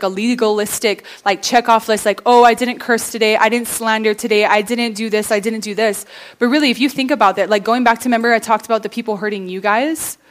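A young woman giving a casual, earnest youth sermon, full of fillers like "like" and "you know", ending in prayer. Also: a little high. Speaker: youth speaker.

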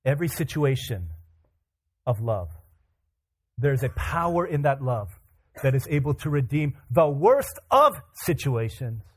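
Husky-voiced male preacher acting out scripture. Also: medium pitch, measured pace, long pauses. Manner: animated, acts out scripture voices, casual asides. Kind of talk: sermon.

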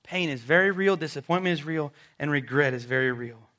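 A man preaching a sermon to a congregation, telling the story dramatically and dropping suddenly to a soft voice. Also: fairly high pitch, a little fast. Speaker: pastor. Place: church service before a congregation.

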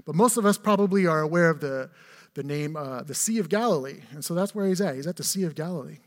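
A man in his forties with a high voice preaches a sermon, telling stories with humor and tossing rhetorical questions to his listeners in a conversational way. His voice rings out with the long reverb of a large church hall. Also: fast talker. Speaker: pastor.

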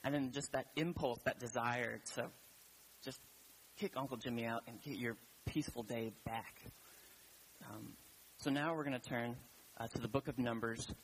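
A man's voice: mid-range voice, fairly even intonation, normal speed, a little hiss or hum, rough recording. A man preaching a sermon in a church, casual and rambling, with many fillers and restarts.

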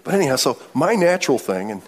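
Male pastor, middle-aged, husky tone, lively storytelling sermon delivery. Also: mid-range voice, fast. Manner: storytelling, animated, laughs often.

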